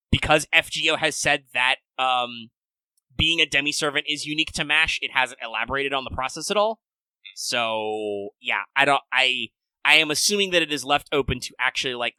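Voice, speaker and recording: A man's voice: a little high, bright, forceful tone, clean tone, no room sound. A man co-hosting a podcast, explaining things in a loose, rambling way with lots of "like" and casual swearing. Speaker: podcast co-host. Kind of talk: casual chat.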